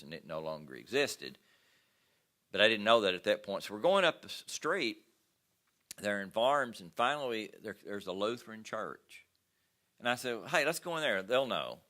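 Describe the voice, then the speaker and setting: Older man, low voice, bright forceful tone, history lecture, chatty with fillers. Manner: conversational, with many fillers and personal anecdotes. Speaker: history teacher. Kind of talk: classroom lecture. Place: classroom.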